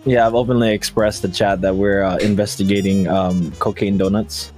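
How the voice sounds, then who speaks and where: A man's voice: on the low side, level tone, moderate pace, a little mellow, faint music behind. A man who works as a teacher, co-hosting a casual chat, laughing often and repeating himself. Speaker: co-host, teacher.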